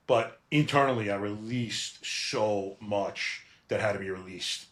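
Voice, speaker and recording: Podcast host guy, lowish voice, kinda echoey room, candid and casual, says bro a lot. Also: measured pace, few pauses, fairly bright tone.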